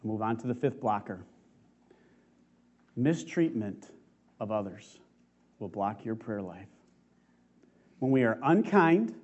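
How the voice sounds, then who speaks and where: A man preaching a sermon, reading a testimony aloud in an earnest, emotive way with slow dramatic stresses. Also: medium pitch, a little mellow. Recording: muffled lo-fi recording.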